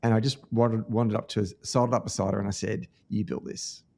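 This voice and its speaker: Australian male podcast host, low-ish register, earnest anecdotal delivery with fillers and restarts. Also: fairly even intonation, fast, creaky, darkish tone. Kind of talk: casual podcast conversation.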